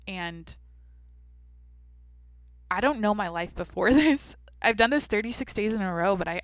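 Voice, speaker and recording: A woman's voice: fairly low pitch, no room sound. A woman in her twenties hosting a solo podcast, rambling candidly and swearing casually into a microphone in a small home studio. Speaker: podcast host.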